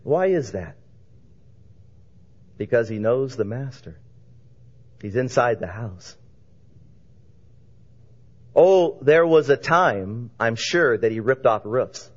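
A man preaching a sermon, telling a story with lively voices for its characters. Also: mid-range voice, slow pace, long pauses, slightly rough, highs cut off. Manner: animated storyteller, voicing characters in dialogue.

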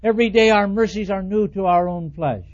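A man with a high voice preaches a sermon in a folksy, chatty way. He acts out everyday voices to make his point. The recording sounds dull and lo-fi. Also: a little fast, a little mellow. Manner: folksy, acts out quoted voices with rising pitch. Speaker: pastor. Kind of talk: expository sermon.

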